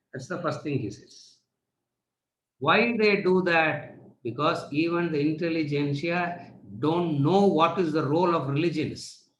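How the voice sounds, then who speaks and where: A man's voice: on the high side, fairly bright tone, a little hiss or hum. A man teaching a class, repeating rhetorical questions and then answering them himself. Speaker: spiritual teacher. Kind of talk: lecture to students. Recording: echoey room.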